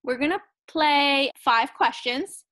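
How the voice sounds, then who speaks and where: A woman in her thirties chats casually as a co-host, a little high in pitch. She talks in an animated way, often laughs and acts out what people said. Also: slow pace. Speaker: podcast co-host. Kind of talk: casual chat.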